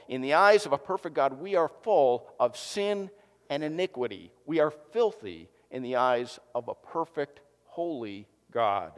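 A man preaching a sermon to a congregation, joking and lively, with asides to the audience. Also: medium pitch, measured pace, smooth. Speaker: pastor. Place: church hall. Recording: long hall reverb.

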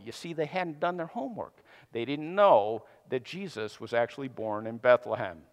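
Animated male preacher in a reverberant hall. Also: mid-range voice, normal speed. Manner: conversational storytelling with playful voiced asides. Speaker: pastor. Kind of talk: sermon.

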